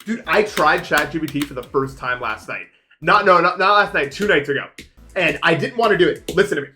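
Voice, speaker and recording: A young man streaming, chatting casually with viewers in a rambling, animated way. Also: on the high side, brisk. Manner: rambling, animated, swings into shouting.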